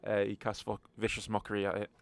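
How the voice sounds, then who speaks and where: A man's voice: on the low side, monotone, fast talker, vocal fry, no echo. A man narrating a tabletop game as game master, in a wry, joking manner.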